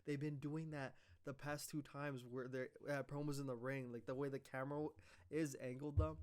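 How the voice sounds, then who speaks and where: A man's voice: mid-range voice, moderate pace, clean tone. A man casually recapping a wrestling show, rambling, swearing and acting out quoted lines. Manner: rambling, profane, animated retelling with quoted lines.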